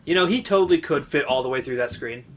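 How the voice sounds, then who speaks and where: During a casual let's-play, a man who is both player and co-host banters with a friend, arguing points, cracking jokes and reading the game's on-screen text aloud. He talks fast in a mid-range voice with lively intonation, and there's a faint hiss or hum.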